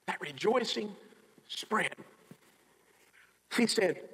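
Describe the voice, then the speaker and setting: A man, a pastor, telling a story in a sermon, animated and acting out the quotes. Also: high-pitched, slow pace, pauses often, slightly rough, long reverb tail, poor audio.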